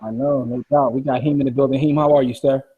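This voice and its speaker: A man hosting a casual podcast panel in a relaxed, laid-back way. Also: medium pitch, quick pace, breathy edge, narrow, tinny audio. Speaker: podcast host.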